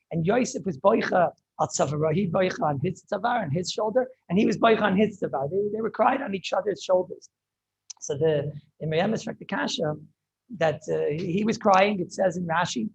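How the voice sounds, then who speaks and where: Gravelly, very husky rabbi teaching. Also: male voice, high-pitched, low-quality recording. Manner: impassioned, halting, repeats words while searching. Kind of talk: Torah lecture. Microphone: video call.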